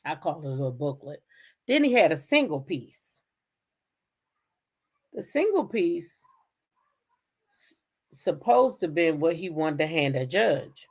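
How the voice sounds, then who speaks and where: Woman, casual commentary host, dramatic storytelling, very lively pitch. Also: slow pace, long pauses. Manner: animated, laughing, dramatic retelling with asides to viewers.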